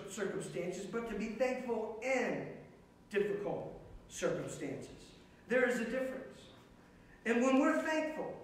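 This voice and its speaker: A man's voice: very high-pitched, heavy reverb, recorded from a distance, low-quality recording. A man preaching a sermon as pastor, earnest and emphatic, repeating key phrases.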